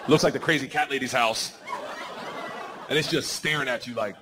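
A man doing a stand-up comedy set on stage, telling crude stories loudly and slipping into squealing voices. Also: mid-range voice, moderate pace, pauses often, noisy background. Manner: loud, rowdy storytelling with crude jokes and squealing put-on voices. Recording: live venue with crowd laughter.

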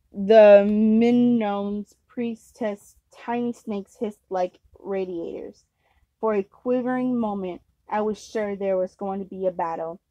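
A woman's voice: mid-range voice, warm tone, no echo, low-quality recording. A woman reading a novel aloud at home, unpolished, with slips and restarts. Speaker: amateur reader.

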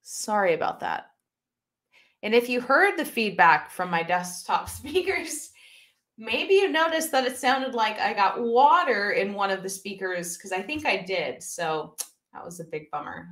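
A woman's voice: mid-range voice, fairly bright tone. A young woman hosting a casual live stream from home, chatting upbeat with lots of fillers as she reads viewer comments. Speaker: YouTube host reading live chat. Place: home, by her desktop computer.

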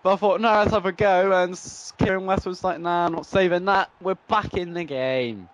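A young man commentating his own football video game play, swinging between frustrated groans and excited shouts. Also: high-pitched, moderate pace, muffled recording, a little hiss or hum. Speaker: gaming YouTuber. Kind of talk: live gameplay commentary.

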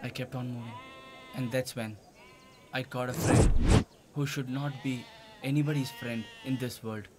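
A man's voice: medium pitch, steady tone, unhurried, long pauses. A man narrating his own story in a reflective way, as in a dubbed film. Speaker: narrator and lead character. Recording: film dub with loud music.

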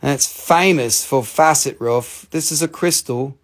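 A man's voice: mid-range voice, measured pace. A man hosting a casual live-stream crystal sale, joking and swearing freely as he shows the stones.

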